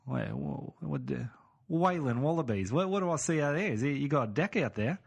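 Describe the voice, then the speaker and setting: A man voicing a brash, bossy fake-Australian guy in a mock Australian accent, pitched up and boastful. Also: lively intonation, brisk, gravelly, husky, heavily acted.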